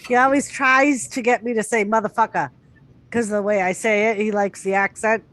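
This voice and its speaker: A woman's voice: medium pitch, steady tone, moderate pace, fairly bright tone, no echo. A woman with a Rhode Island accent chatting casually with friends on a stream, laughing often. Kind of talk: casual chat.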